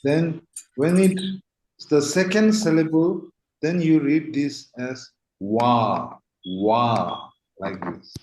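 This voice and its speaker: Slow, patient male teacher. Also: a little high, a little mellow. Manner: models syllables aloud, checks with "okay?". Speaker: language teacher. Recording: echoey room.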